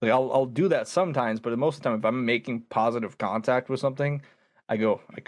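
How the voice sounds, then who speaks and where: A man's voice: medium pitch, fast talker, dry recording. Young man telling a ghost story. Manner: animated storyteller, acts out quoted voices, laughs often. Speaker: podcast guest, ghost hunter. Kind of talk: casual storytelling chat.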